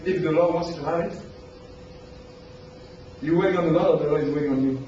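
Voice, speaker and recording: A man preaching a motivational sermon, asking his listeners questions and acting out the people he quotes in a high voice. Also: lively intonation, fast, a little mellow, slight background noise. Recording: roomy, dull recording from far off.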